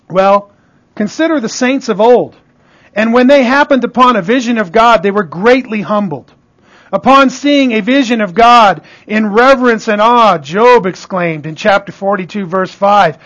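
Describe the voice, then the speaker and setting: Man, pastor, sermon, high-pitched, emphatic, call-and-response, hushed emphasis. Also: lively intonation, measured pace, dull audio.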